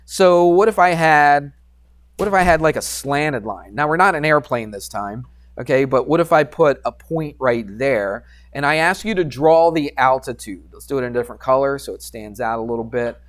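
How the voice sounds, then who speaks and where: A man's voice: mid-range voice, normal speed. A male math teacher giving a casual classroom geometry lesson, joking about himself and constantly asking the students questions. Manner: casual, self-deprecating, keeps quizzing the class.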